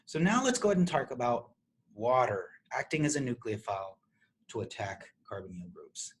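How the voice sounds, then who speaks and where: A middle-aged man lecturing on chemistry to a university class. He explains step by step, restarting phrases and clearing his throat often. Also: medium pitch, very animated, moderate pace. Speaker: chemistry professor.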